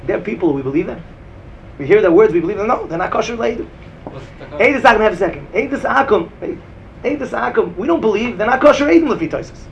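Gravelly man with Yeshivish English accent. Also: lively intonation, fairly quick, slight background noise. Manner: sing-song, rising to emphatic bursts and dropping low. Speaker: Talmud teacher. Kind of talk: yeshiva-style Talmud lecture.

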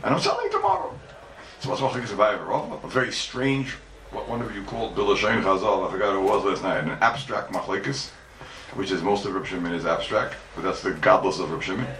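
A man's voice: sits low, brisk, fairly bright tone. A man teaching Talmud to a congregation as a rabbi, emphatic, asking and answering his own questions and repeating key points. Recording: echoey room mic from far off, faint background noise.

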